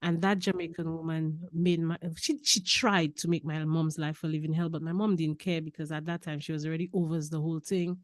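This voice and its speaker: Woman, low voice, dry close sound, animated storyteller, repeats her punchlines. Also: a little fast, hardly any pauses, no echo. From Saint Lucia. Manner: lively, laughing storyteller who repeats key phrases. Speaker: podcast guest. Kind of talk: casual personal storytelling.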